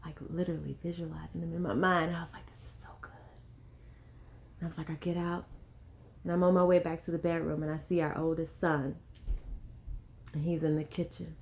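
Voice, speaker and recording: A woman guest telling a story in casual conversation, animated and slipping into the voices of people she quotes. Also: sits low, a little fast, gravelly.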